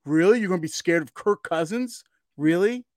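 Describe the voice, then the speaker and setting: A man in casual sports chat, pushing his argument hard and tripping over restarts. His voice sits a bit high. The sound is dry and close. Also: moderate pace, no echo. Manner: excitable, argumentative, stammering restarts. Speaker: podcast co-host.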